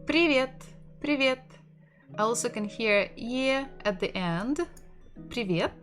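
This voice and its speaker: A woman teaching a language lesson online, speaking English with a Russian accent. She talks slowly and patiently. Soft music plays faintly behind her. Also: on the high side. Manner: patient, explains slowly, laughs softly now and then.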